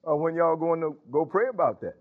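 A man's voice: fairly high pitch, a little fast. Emphatic preaching man over a tinny line. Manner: emphatic preaching with call-and-response interjections. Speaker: pastor. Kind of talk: sermon. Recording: tinny phone-like sound.

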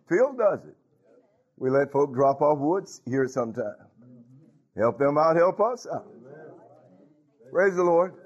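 Male preacher, animated sermon delivery, frequent laughs, dull lo-fi recording. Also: medium pitch. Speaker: pastor. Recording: dull lo-fi sound.

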